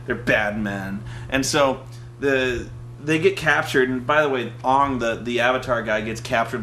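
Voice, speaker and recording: A man's voice: mid-range voice, unhurried, bright, forceful tone, soft background music. A young man on a casual vlog, ranting about a film with lots of swearing and mocking, acting out scenes in silly voices. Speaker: vlog co-host. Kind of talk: animated casual movie rant.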